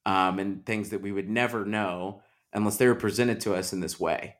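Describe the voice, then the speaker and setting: A man's voice: fairly low pitch, fairly even intonation, moderate pace. A man hosting a podcast, talking at length in a casual movie discussion, full of likes and restarts. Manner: talkative, many likes and restarts. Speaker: podcast host.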